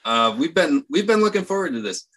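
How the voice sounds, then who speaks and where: A man's voice: on the high side, very animated, brisk, fairly bright tone. A man who is a guest on a podcast, chatting casually and telling a rambling story in an easygoing way. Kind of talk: casual chat.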